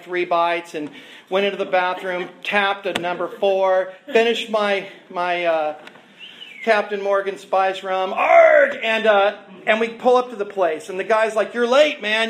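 A man's voice: sits high, fairly bright tone, a little hiss or hum. A man telling a rambling, self-mocking story on stage, often laughing as he goes. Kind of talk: stand-up storytelling. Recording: live show with audience laughter. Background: crowd laughing.

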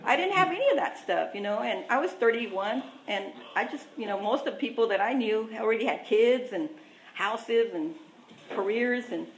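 In an echoey room, a woman with an expressive voice on the high side recounts her own recovery at a moderate pace. Chatty and candid, she mocks herself and drifts into frequent asides.

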